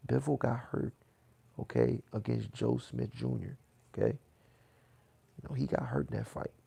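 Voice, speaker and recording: A man hosting a boxing livestream, reading chat comments aloud in a loose, swearing, casual way that turns loud when he gets riled. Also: medium pitch, steady tone, moderate pace, gravelly, slightly rough. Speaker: boxing channel host reading live chat.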